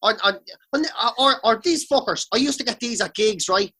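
Irish man, bright voice, sweary animated comic ranting. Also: sits high, normal speed. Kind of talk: casual comedic rant. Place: sitting on the floor of a room.

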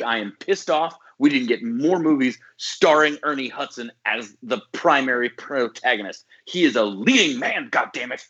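A man's voice: medium pitch, expressive, moderate pace, few pauses, fairly bright tone, husky. Brief: opinionated male podcast co-host, emphatic, a little muffled. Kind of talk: casual movie-review chat.

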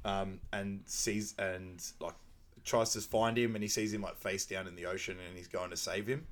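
A man co-hosting a podcast, retelling a film in lively casual chat and acting out the lines he quotes. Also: sits low, normal speed. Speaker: podcast co-host.

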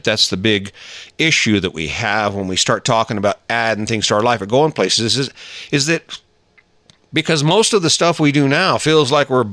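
A middle-aged man giving a casual motivational monologue, emphatic and coaxing, acting out little scenes in a higher voice. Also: bright, forceful tone, dry recording. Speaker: motivational talker.

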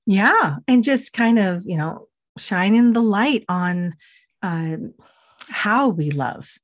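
Raspy lady cohost getting over bronchitis, laid back, giggles a lot. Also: medium pitch, lively intonation, takes it slowly. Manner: giggly, easygoing, swears casually. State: recovering from bronchitis. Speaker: podcast co-host. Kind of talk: casual chat.

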